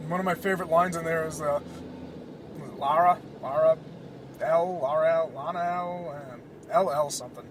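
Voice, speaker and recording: A man hosting a casual solo podcast, rambling in an excitable, profane way. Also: on the high side, normal speed, noisy background. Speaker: podcast host.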